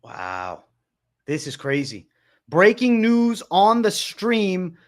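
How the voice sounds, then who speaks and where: A young man hosting a livestream, talking excitedly and repeating himself, swearing often and calling his viewers bro. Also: high-pitched, takes it slowly. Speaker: livestream host. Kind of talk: livestream commentary.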